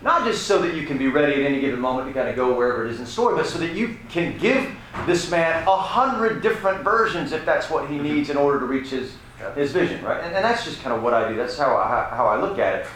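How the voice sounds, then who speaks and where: A man on a press panel telling an animated anecdote, with lots of restarts and swearing. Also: on the high side, quick pace. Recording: echoey room, background noise.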